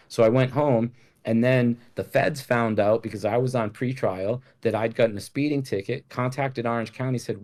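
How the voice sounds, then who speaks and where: A man's voice: lowish voice, a little mellow. A man from Rhode Island telling a story as a guest in a casual chat, laid-back and swearing freely while acting out the dialogue.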